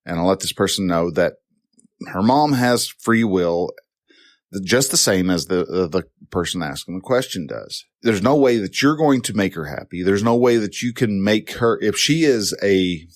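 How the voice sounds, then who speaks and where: A man hosting a podcast, giving advice in an unscripted monologue, rambling with many restarts and getting more animated when he is passionate. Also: low voice, normal speed, dry recording, clean studio sound.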